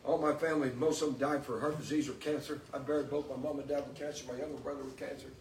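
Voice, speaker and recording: A man's voice: mid-range voice, flat delivery, quick pace. A man preaching a sermon with call and response, emphatic and building up to exclamations. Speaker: preacher and podcast host. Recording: echoey room, distant mic, faint noise.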